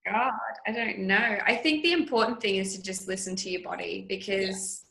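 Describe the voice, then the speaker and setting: Australian woman guest, level monotone chat, roomy echo, lots of ums. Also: medium pitch, moderate pace, creaky. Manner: relaxed, frequent ums, trailing off. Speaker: Pilates instructor and guest. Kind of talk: casual interview chat.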